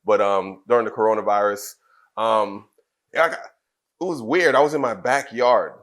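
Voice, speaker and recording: A man from Trinidad, in his thirties, telling a personal story in an interview, soft-spoken and halting, with many fillers and restarts. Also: on the low side. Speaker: wrestler guest.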